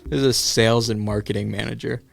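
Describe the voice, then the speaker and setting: A man's voice: lowish voice, fairly even intonation, fast talker, creaky. A man hosting a solo podcast in casual chat, riffing sarcastically and swearing freely. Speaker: podcast host.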